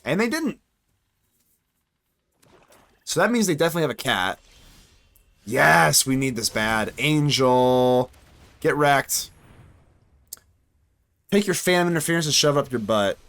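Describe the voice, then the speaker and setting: Male streamer, live gameplay commentary, very animated delivery, talks to himself as he plays. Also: medium pitch, a little slow, long pauses. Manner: chatty, excitable, thinks aloud, swings from playful to worried. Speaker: card game streamer and channel host.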